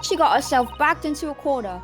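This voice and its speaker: A woman's voice: high voice, lively intonation, quick pace, over music. A woman voicing a defiant young female pickpocket with a Cockney accent, brash and streetwise. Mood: taunting.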